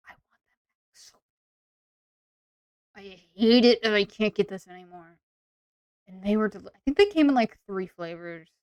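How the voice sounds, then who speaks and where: A woman's voice: mid-range voice, clean tone, no room sound. A woman streamer in casual, rambling chat with viewers, full of fillers. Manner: chatty and rambling, many "like" and "um" fillers.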